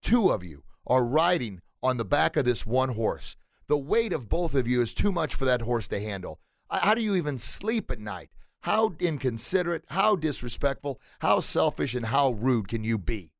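A man voicing an indignant townsperson who yells insults in a raised, high voice. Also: sing-song, moderate pace, hardly any pauses, no room sound, studio quality. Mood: scolding. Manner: indignant, high-pitched, shouting. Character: shrill, scolding townsperson yelling insults.

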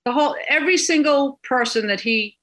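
A woman's voice: high voice, a little fast, a bit bright. A middle-aged woman, telling a court story as a guest in a chatty, digressive way. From Boston. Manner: chatty, digressive, laughs at the absurdity. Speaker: guest recounting a court case. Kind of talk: casual storytelling interview.

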